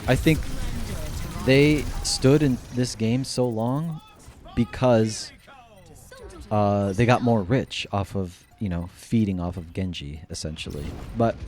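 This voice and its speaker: A man's voice: lowish voice, slow, a little mellow. A man giving casual commentary on his own game, rambling with lots of fillers and swearing freely. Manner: rambling, many fillers, slides into profane ranting. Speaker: gaming YouTuber. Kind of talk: casual gameplay commentary to camera.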